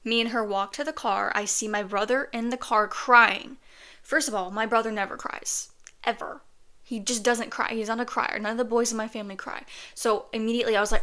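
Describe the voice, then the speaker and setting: A woman's voice: on the high side, normal speed, sharp tone. A woman casually telling a personal story on her podcast, chatty and earnest, with lots of "like" fillers.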